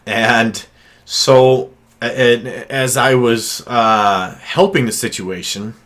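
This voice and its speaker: A man talks through advice as a counselor in a loose, unscripted way. His voice sits somewhat low. He stumbles over fillers and restarts his sentences often. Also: pushed and bright. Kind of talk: casual advice monologue.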